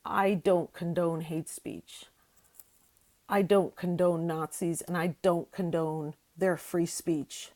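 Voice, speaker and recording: An older woman ranting on her own channel, heated and profane, swinging from loud outbursts to tired mutters. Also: fairly low pitch, fairly even intonation, slow. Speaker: YouTube ranter. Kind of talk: solo angry political rant.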